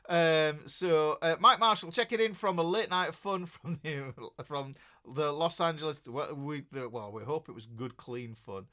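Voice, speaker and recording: A middle-aged Yorkshireman hosts a laid-back guitar livestream, his voice pitched on the high side and bright, pushed along at a moderate pace. He chats in a jokey, rambling way and greets viewers by name.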